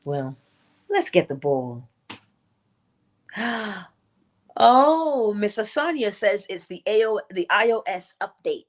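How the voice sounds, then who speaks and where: Slow, lively spiritual woman host. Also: mid-range voice. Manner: playful, laughs often, acts out quotes. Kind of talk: spiritual morning talk.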